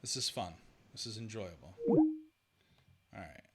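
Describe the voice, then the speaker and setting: A man's voice: fairly low pitch, animated, measured pace, breathy edge. A man hosting a live-streamed podcast, chatting casually and sorting out technical trouble aloud. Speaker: podcast host.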